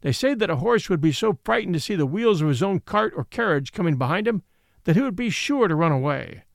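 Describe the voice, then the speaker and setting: A man voicing a calm, sensible male horse in a storybook, speaking quietly and evenly. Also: high-pitched, brisk, creaky, dry recording, clean studio sound.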